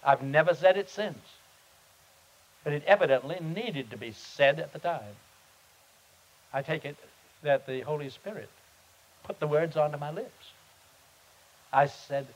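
A man, a pastor, teaching on prayer at a seminar and telling a story in an earnest, halting, unhurried way. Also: on the high side, low-quality recording. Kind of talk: sermon-style teaching with storytelling. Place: seminar meeting.

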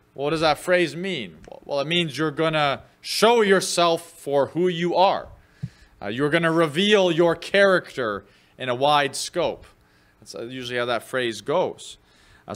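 Slow-spoken man preaching a sermon. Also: fairly high pitch, a bit bright. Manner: conversational teaching with fillers, raises voice for quoted scripture. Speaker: pastor. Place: church.

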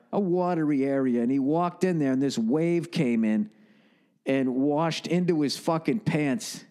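A man's voice: mid-range voice, darkish tone. A man hosting a podcast, delivering a rambling, profane comedic monologue. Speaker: podcast host.

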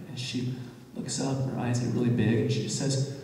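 A man's voice: medium pitch, level tone, a little fast, darkish tone, a little hiss or hum. A man in his twenties doing a stand-up comedy set, telling awkward, rambling stories with crude punchlines in front of a live audience. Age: 20s. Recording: echoey hall, mic heard from far off.

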